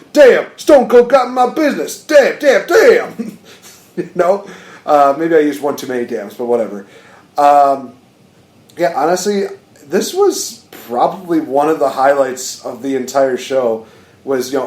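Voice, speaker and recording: A man's voice: medium pitch, a little mellow, echoey room. A man hosting a podcast, telling stories casually and animatedly, laughing often. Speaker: podcast host. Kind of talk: casual chat.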